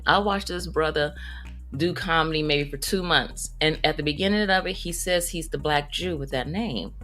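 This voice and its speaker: A woman comedian telling funny stories in a casual monologue, animated and breaking into high squeaky voices when she quotes people. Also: normal speed, faint music behind. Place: Las Vegas.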